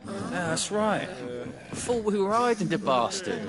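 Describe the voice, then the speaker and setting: A scornful villager from a video game, blunt and rough-edged. His voice sits a bit high and lively. A crowd murmurs behind him. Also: unhurried. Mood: bitter.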